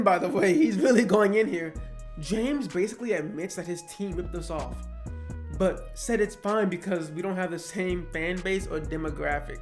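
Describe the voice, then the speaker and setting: A young man giving casual, animated commentary on online drama, joking around with slang and swearing. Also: high-pitched. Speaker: YouTube commentator.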